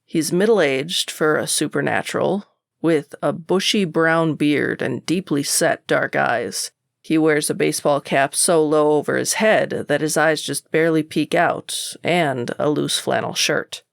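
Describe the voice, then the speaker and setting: A woman narrating a first-person audiobook in a sardonic, even storytelling manner. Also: low-pitched, a little slow, creaky, dry recording, clean studio sound.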